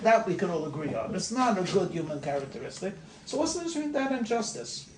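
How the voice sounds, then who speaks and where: A man, a rabbi, giving an informal class talk, conversational and repeating his words as he goes. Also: high voice. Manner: conversational, repeats words, laughs at own examples. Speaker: rabbi leading a class discussion. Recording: echoey room with light noise.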